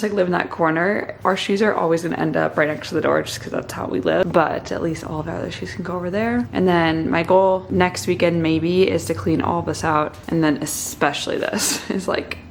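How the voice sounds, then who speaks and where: A woman's voice: fairly low pitch, gravelly, a little hiss or hum. A woman in her twenties chatting casually to camera as a lifestyle vlogger, saying "like" a lot and laughing often. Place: home closet, later her car.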